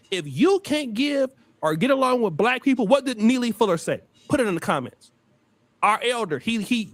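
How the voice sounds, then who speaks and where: A man's voice: fairly bright tone, dry recording. A man hosting a heated livestream, preachy and confrontational. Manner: preachy, confrontational, swings pitch widely. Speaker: livestream host.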